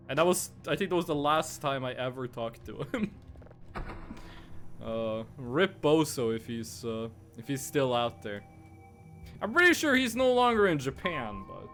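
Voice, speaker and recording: A man's voice: high-pitched, very animated, normal speed, fairly bright tone, soft background music. A young man live-streaming a game, chatting casually and rambling through stories with lots of fillers into a desk mic at his home setup. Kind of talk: casual live-stream chat while gaming. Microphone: desk mic with webcam on monitor.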